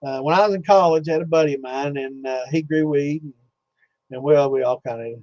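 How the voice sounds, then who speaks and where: A man's voice: a little high, a little fast, a little mellow, no room sound. A man hosting a distilling Q&A chat, telling a rambling story full of cursing and fillers, with a slightly dull lo-fi sound. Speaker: host of a distilling Q&A livestream.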